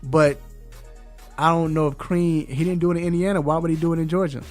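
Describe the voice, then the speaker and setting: Man, sports show host, casual chat, lively slangy banter, somewhat high pitch. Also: fairly quick, soft background music. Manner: animated, laughing, loose slangy banter.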